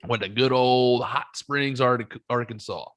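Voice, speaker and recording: Animated, swearing podcast host man. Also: moderate pace, dry recording. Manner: animated, swearing, jumps into high voice for quotes. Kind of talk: casual chat, storytelling.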